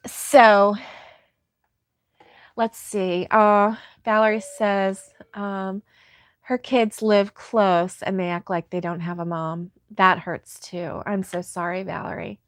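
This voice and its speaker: Slow-talking giggly woman host. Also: medium pitch, fairly even intonation, dry recording, studio quality. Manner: giggly, laughs often, soft-hearted. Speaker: crochet livestream host. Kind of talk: casual chat reading viewer comments.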